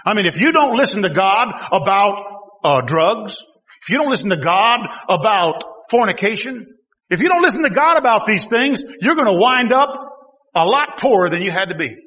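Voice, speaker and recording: A man preaching a sermon to a congregation, talking to them directly, laughing at times and rising to shouts. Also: high voice, very animated, normal speed, in a large hall. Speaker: pastor. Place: church hall.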